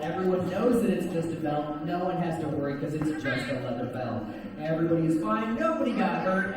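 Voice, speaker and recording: A man working a stage hypnosis show with slow, repeating, soothing patter and playful teasing. His voice sits a little high for a man. It comes from far off the mic in a reverberant hall with a crowd audible behind him. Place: stage at a campground event. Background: audience laughing.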